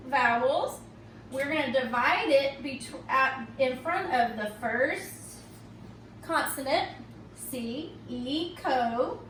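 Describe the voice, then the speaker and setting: A woman teacher slowly and patiently walking children through a recorded phonics lesson, often checking in with "okay?". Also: high-pitched, a bit bright, slight background noise. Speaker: reading teacher. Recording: echoey room, mic at a distance.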